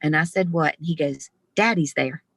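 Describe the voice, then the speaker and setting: A woman being interviewed over a video call, telling a personal story in a lively, expressive way. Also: deep voice, moderate pace, no echo. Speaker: interview guest. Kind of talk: storytelling in conversation.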